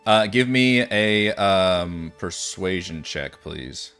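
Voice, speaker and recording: Low-voiced man running a tabletop game. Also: animated, slow pace, fairly bright tone, smooth, faint music behind. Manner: loose, thinking aloud with many fillers. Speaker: dungeon master. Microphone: headset or desk mic on a voice call.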